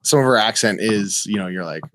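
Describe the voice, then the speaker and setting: A man hosting a podcast, chatting in quick bursts and swearing casually. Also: fairly low pitch, a bit bright, no room sound, clean studio sound. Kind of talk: casual chat.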